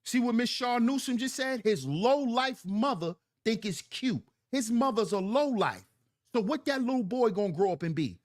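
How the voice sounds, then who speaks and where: A man's voice: very high voice, expressive, normal speed. A man hosting a livestream, commenting on clips and reading chat in a preachy, emphatic way that repeats lines for effect. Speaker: livestream host.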